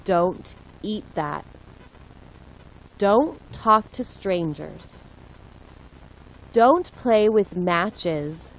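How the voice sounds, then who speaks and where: A woman reading short English sentences aloud slowly and deliberately, one at a time, for listening practice. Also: fairly low pitch, animated, poor audio. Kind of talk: slow read-aloud for learners.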